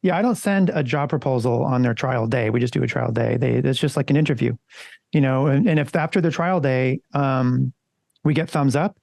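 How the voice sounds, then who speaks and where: A man's voice: medium pitch, normal speed, gravelly, darkish tone, dry recording. A man co-hosting a casual podcast, talking loosely and conversationally and swearing now and then. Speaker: podcast co-host.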